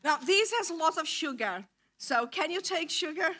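A woman's voice: very high-pitched, lively intonation, normal speed, pushed and bright. A middle-aged woman from Brazil with a Brazilian accent, giving a playful, coaxing children's talk in church. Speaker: visiting mission speaker. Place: church hall.

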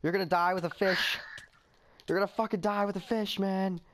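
A man's voice: high voice, steady tone, brisk, fairly bright tone. A man bantering with friends during a game, laughing often and swearing in playful threats. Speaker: gamer playing with friends. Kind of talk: casual gameplay banter.

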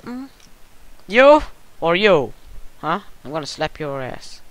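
A gameplay commentator in casual, goofy play-by-play who squeals and yells at jumps and mutters between them. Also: medium pitch, very animated, slow pace, no room sound, low-quality recording.

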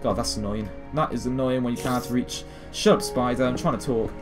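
Excitable British teen rambling over gameplay. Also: male voice, mid-range voice, a little fast, over music. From Britain. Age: late teens. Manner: rambling, excitable, self-mocking. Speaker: gaming video host. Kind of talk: gameplay commentary.

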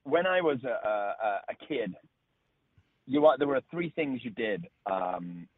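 A man's voice: lowish voice, a little slow, no echo. A middle-aged man with a northern English accent from Leeds, telling stories as a radio interview guest. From England. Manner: relaxed storytelling with restarts. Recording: phone line.

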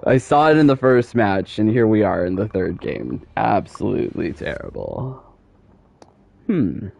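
A man's voice: lowish voice, very animated, a little slow, gravelly, darkish tone. A man streaming live gameplay commentary, exasperated and repeating himself as he talks to himself and his chat. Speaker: gaming streamer.

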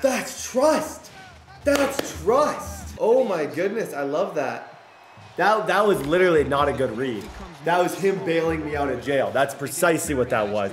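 A young man calls his own football video game, swinging between muttered play calls and loud yelling whenever a big play lands. His voice sits a little high for a man and carries a roomy echo, with game music playing behind him. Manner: bursts into loud shouts over big plays. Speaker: gaming YouTuber. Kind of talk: excitable gameplay commentary.

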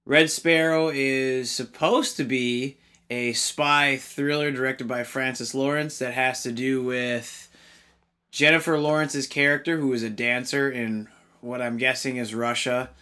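A man's voice: mid-range voice, steady tone, measured pace, pushed and bright, smooth. A man hosting a casual film review, talking in an exasperated, rambling way with fillers and restarts.

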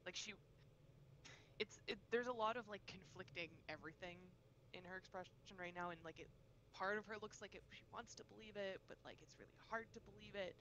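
A woman narrating her character at a tabletop game, soft and halting, trailing off mid-thought. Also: medium pitch, a little hiss or hum, low-quality recording. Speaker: tabletop player.

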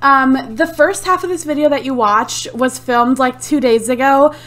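High-voiced woman, exasperated gameplay chatter. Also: moderate pace, fairly bright tone. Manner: exasperated, swears freely, laughs often. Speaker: let's play gamer. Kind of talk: casual gameplay commentary. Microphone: desktop USB microphone.

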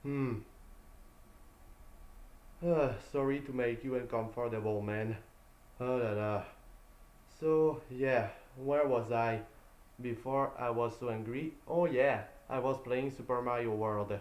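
A man's voice: mid-range voice, slow, pauses often, a little mellow. A man streaming a video game, talking casually to his viewers in an exasperated, sighing way and repeating himself as he vents. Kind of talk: casual live-stream chat. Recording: roomy echo.

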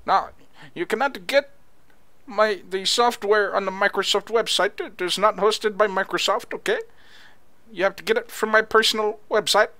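A man's voice: sits high, moderate pace, bright, forceful tone. A man voicing a scam tech-support caller who gives formal, coaxing instructions. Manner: formal, coaxing sales patter.

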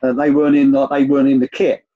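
An older man, a former youth coach, telling rambling anecdotes with many restarts in a relaxed interview. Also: medium pitch, quick pace, phone-quality sound.

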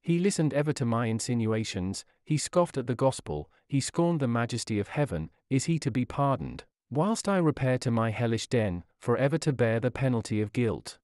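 A man's voice: mid-range voice, animated, normal speed, few pauses, darkish tone, no echo, studio quality, natural voice. Guy doing satan, grim nasty fiend, snarly and accusing, mid voice. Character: Satan, a grim black male fiend, hateful.

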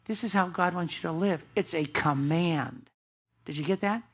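A woman's voice: lowish voice, normal speed, slightly rough. A woman pastor preaching a sermon in a church, emphatic and asking the congregation rhetorical questions.

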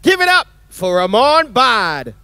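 Very high, bright-voiced male show host. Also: very animated, takes it slowly, smooth, no room sound, clean studio sound. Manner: announcing, hyping the crowd. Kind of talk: stage hosting.

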